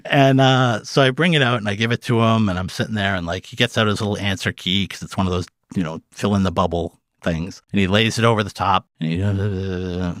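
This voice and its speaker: A middle-aged man spins casual stories in an interview, his voice sitting fairly low and jumping up whenever he acts out what someone said. He fills his sentences with "like" and "you know", and the sound is close and dry, with no room around it. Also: brisk, hardly any pauses, no echo. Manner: animated, acts out quoted dialogue with big pitch jumps; peppers speech with "like" and "you know". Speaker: interview guest. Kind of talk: casual storytelling.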